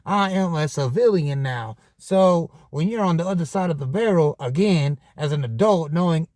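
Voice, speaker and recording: A man with a high voice telling a story on his podcast. His casual monologue is full of profane, animated street slang, and the sound is dry and close with no room echo. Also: moderate pace, hardly any pauses. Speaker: podcast host.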